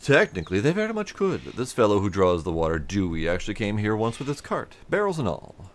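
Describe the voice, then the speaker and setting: A man's voice: fairly low pitch, wildly swooping pitch, brisk, a little hiss or hum. A man doing a courteous, chatty construction supervisor. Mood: friendly. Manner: courteous, wordy, slightly theatrical reading. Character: friendly chatty male bridge construction supervisor, French.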